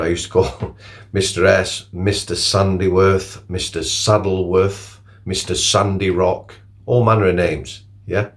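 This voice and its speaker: A man, a former prison officer telling blunt, plain-spoken stories in a rambling, casual monologue. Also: low-pitched.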